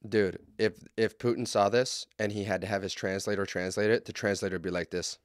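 A man hosting a podcast, ranting bluntly and profanely with heated swings into loud outbursts. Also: lowish voice, fairly even intonation, fairly quick, few pauses, no room sound, clean studio sound. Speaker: podcast host. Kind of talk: casual podcast rant.

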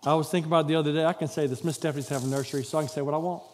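A man's voice: fairly high pitch, fairly even intonation, very fast, a little hiss or hum. A man giving a chatty children's sermon in a church, rambling and acting out quotes. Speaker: pastor. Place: church sanctuary.

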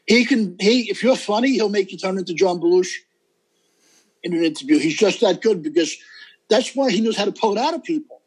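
A man's voice: high-pitched, brisk, slightly rough, low-quality recording. A middle-aged man, a comedian guest, talking emphatically and rambling in a casual interview, often seeking agreement.

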